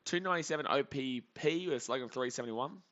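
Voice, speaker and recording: A young man calls baseball plays live and reads out chat messages, swinging quickly into excited outbursts. His voice is bright and forceful. The stream audio is dull and lo-fi. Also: medium pitch. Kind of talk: live play-by-play reaction stream.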